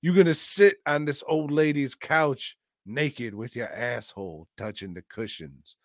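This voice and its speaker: Slow-talking, profane male podcast host. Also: medium pitch, no room sound, studio quality. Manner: profane, rambling, jokey retelling. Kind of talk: casual movie-review chat.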